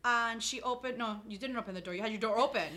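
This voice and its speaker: Woman, fairly high voice, bright tone, chatty long-winded podcast co-host, laughs a lot. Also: quick pace. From South Florida. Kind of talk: casual chat.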